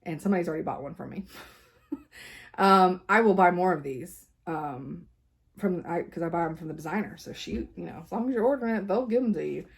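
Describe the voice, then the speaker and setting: A woman's voice: on the low side, a little fast, vocal fry, slightly rough. A woman, chatting casually as a cross-stitch vlogger at her home craft desk, rambling with lots of fillers and laughs.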